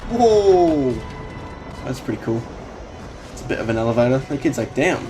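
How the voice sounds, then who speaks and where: A man's voice: medium pitch, level tone, fast talker. A man hosting a casual film reaction, exclaiming and swearing freely as he comments, with the film's music playing behind him. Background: film soundtrack playing.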